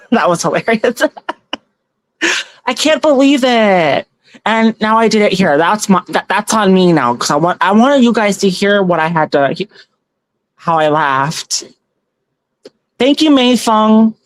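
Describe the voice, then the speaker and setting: A woman chats casually through a livestream on her phone, giggling and greeting viewers by name. Her voice sits in an ordinary middle pitch. The sound is close and dry, with no room around it. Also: expressive, a little slow, pauses often, no room sound. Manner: chatty and giggly, warmly thanking viewers by name. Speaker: tarot reader and livestream host. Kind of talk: casual livestream chat, reading out viewer comments.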